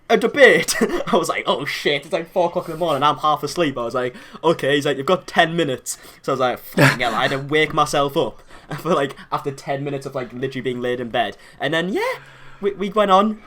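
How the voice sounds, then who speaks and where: A young man chatting as a podcast host. He talks very fast, rambles through his stories and swears freely. His voice sits a little high for a man. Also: expressive, fairly bright tone. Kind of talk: casual chat.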